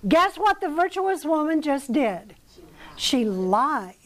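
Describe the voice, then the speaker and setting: A woman's voice: high voice, sing-song, takes it slowly, low-quality recording. An American woman teaching a Bible lesson at church in a conversational way, asking her listeners questions as she goes. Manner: conversational, asks the audience questions. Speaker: women's Bible study teacher.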